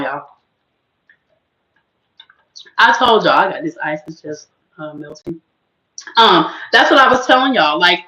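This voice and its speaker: A woman hosting a casual livestream, chatting to her viewers in an animated, churchy manner while her voice is just recovering. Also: lowish voice, echoey room, muffled recording. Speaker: host.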